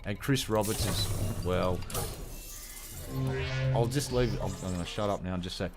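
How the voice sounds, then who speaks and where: A man's voice: sits low, moderate pace, music in the background. An Australian man in his fifties ranting bluntly to camera on a gaming vlog, swearing heavily. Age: 50s. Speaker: gaming vlogger. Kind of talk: casual rant to camera.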